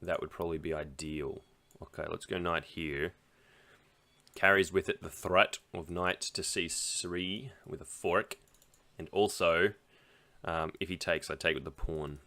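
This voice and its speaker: A man with a deep voice narrates his own chess game in a loose, casual way, reasoning aloud through each move. His tone is bright and forceful, and he drops chatty asides to his viewers as he plays. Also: fairly even intonation, measured pace. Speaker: chess streamer. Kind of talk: casual live game commentary.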